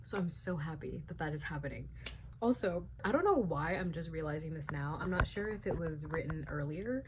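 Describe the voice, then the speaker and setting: A young woman vlogging her reactions to a book, animated and ranting, full of "like" fillers and the odd swear. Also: deep voice, a little fast, background noise. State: sleepy late at night. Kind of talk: casual reading vlog reactions.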